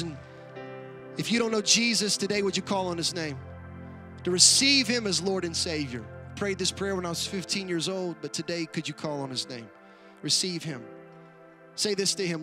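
A man preaching a live sermon as pastor, acting out quoted lines and building to passionate altar calls. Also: high voice. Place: church auditorium.

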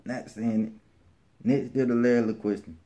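A man's voice: mid-range voice, fairly even intonation, moderate pace, dark tone, muffled recording. A man with a Birmingham, Alabama accent chatting casually in a vlog, laid-back and slangy, often restarting his sentences. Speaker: vlogger.

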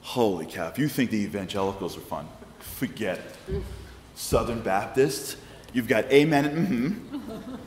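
Man, New York accent, animated comic storytelling, lecture, roomy echo, faint ambience. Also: fairly low pitch, unhurried, slight background noise. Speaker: public speaker. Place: large congregation hall with audience.

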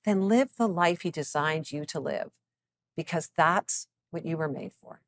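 Speaking in a low voice, a woman in her fifties who works as a psychologist and author delivers a scripted devotional. She encourages the listener earnestly, slowing to lend scripture readings deliberate weight.

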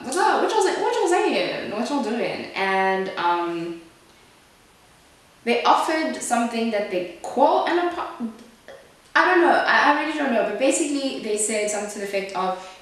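A young South African beauty vlogger chats frankly while doing her makeup, her voice on the low side and rising sharply when she gets upset. She's recorded in a small echoey room by a distant camera mic, with slight background noise.

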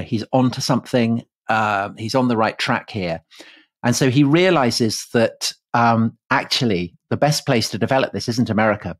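A man co-hosting a history podcast, telling the story in a relaxed, chatty way with frequent restarts. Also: fairly low pitch, no echo. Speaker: podcast co-host.

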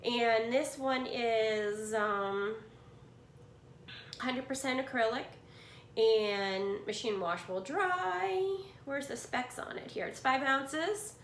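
In a cluttered home room, a middle-aged woman with a fairly high voice unboxes yarn from a swap, gushing and excitable. She treats viewers as friends in her casual chat, and the audio is reverberant with slight hiss or hum.

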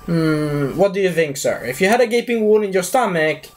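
A young man giving a casual, animated movie review rant who keeps slipping into silly high voices for the characters. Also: moderate pace.

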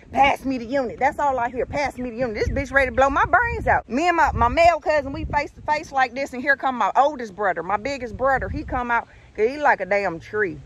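A woman in her thirties telling a story in a casual vlog outdoors, animated and profane, calling viewers honey and y'all. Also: fairly high pitch, slight background noise. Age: 30s.

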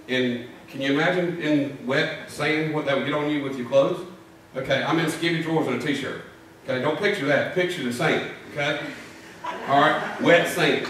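A man's voice: a little high, normal speed, fairly bright tone, a little hiss or hum. A middle-aged man preaching a sermon, telling folksy stories and doing drill-sergeant impressions. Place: church sanctuary. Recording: echoey church from far off.

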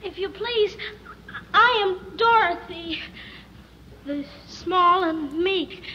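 A woman's voice: extremely high pitch, takes it slowly, sharp tone, long reverb tail, slight background noise, exaggerated voice. An actress playing a small, meek young girl who speaks timidly and politely, in classic film acting. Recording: dull old film soundtrack with music.

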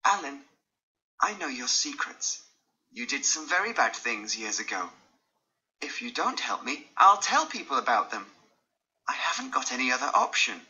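A man reading an audiobook, voicing a secretive young gentleman who pleads and manipulates. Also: sing-song, moderate pace, lo-fi sound. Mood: threatening. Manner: pleading, pitched up high when desperate.

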